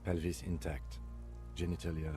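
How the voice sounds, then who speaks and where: An actor playing a calm, methodical male police lieutenant in a video game, speaking in a measured, clinical, dry way. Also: low voice, faint music behind, close to an everyday voice.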